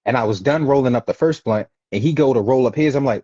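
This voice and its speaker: A man's voice: mid-range voice, fast, dark tone, slightly rough, no room sound. A man from Baltimore, an interview guest, earnestly telling life stories in slangy casual talk. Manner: earnest, slangy, acts out quoted people. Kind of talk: reflective storytelling in casual chat. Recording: dull lo-fi dry recording.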